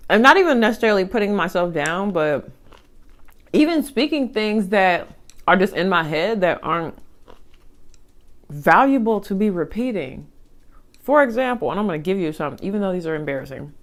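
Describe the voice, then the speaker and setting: A young woman chatting casually as she eats on camera, animated, with side remarks and chewing sounds between thoughts. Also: lowish voice. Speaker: mukbang vlogger. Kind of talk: casual chat while eating.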